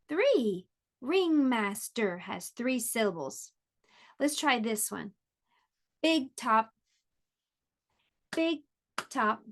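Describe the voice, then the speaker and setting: A woman teaching an online pre-K lesson, speaking gently and encouragingly and sounding words out clearly for young children. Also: on the high side, a little hiss or hum.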